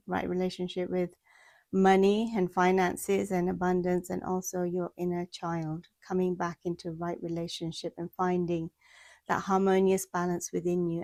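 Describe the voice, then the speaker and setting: A woman's voice: lowish voice, a little mellow, no room sound. A woman giving a spiritual monthly energy forecast, speaking in flowing, repeated lists, recorded outdoors in the mountains. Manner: flowing, repetitive lists of affirmations.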